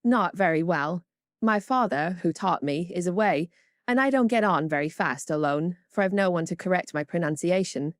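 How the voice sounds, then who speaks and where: A woman's voice: fairly low pitch, animated, normal speed, no room sound, studio quality, lightly acted. A woman voicing a shy, earnest young governess in a storybook reading. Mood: bashful. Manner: bashful, gentle.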